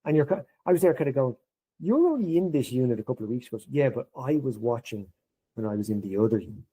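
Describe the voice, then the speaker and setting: A middle-aged man chatting as a podcast guest, his voice very dark and husky. He tells his stories lively, jumping up in pitch whenever he plays out someone's lines. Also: quick pace, poor audio. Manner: animated, acts out quoted dialogue in a raised voice. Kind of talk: casual storytelling conversation.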